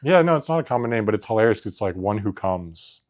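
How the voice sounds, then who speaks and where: A man's voice: mid-range voice, lively intonation, very fast, darkish tone. A man co-hosting a podcast, telling rambling stories in casual chat, laughing often and filling gaps with "like". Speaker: podcast co-host.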